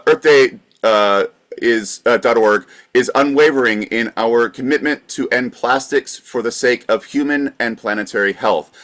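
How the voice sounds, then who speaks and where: A man co-hosting a podcast, calmly wrapping up segments and reading out sources. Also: medium pitch. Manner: dry, wraps up segments. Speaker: podcast co-host. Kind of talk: casual podcast banter.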